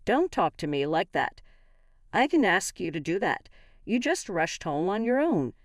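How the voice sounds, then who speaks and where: A woman's voice: fairly low pitch, big pitch swings, unhurried, no room sound, clean studio sound. A woman voicing a curt, sarcastic husband in a read-aloud story, cold and dismissive.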